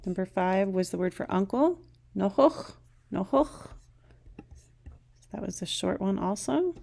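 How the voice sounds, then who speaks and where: A woman's voice: medium pitch, expressive, fairly quick, vocal fry, warm tone. A woman teaching a recorded language lesson, patiently saying each word twice.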